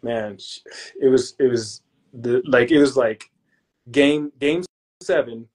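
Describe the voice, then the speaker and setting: A young man who is a podcast guest and real estate investor, chatting casually and telling lively stories in relaxed, slangy speech. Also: medium pitch, takes it slowly. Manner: relaxed and slangy, calls the hosts "bro"; lively storyteller who acts out his own past lines. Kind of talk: casual interview chat.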